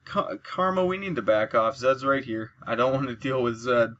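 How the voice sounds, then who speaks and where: A man's voice: mid-range voice, moderate pace, dull audio. A man giving chatty let's play commentary, explaining moves and cheering at his kills. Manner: chatty, explains mechanics, excited bursts at kills. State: sleepy, yawning. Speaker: gameplay commentator.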